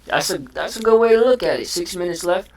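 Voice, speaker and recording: A man talking casually as a host, with lively slang, acting out what he would say. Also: high-pitched, a little fast. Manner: animated slang-heavy talk, acts out what he would say. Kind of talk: casual chat.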